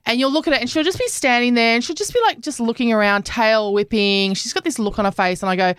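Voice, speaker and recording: A middle-aged woman co-hosting a casual podcast chat, telling camp, animated stories and acting out her family's voices. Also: on the high side, fast, smooth, dry recording, clean studio sound. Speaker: podcast co-host.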